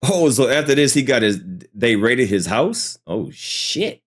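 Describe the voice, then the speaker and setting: A man's voice: mid-range voice, unhurried. A man hosting a reaction video, giving casual skeptical commentary and repeating his doubts. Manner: skeptical, repeats himself, animated. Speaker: reaction channel host.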